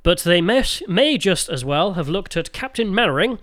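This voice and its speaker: English man, animated podcast storyteller. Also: high voice, moderate pace, no echo. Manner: animated storytelling, slips into silly put-on voices. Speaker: podcast co-host. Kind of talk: casual political chat.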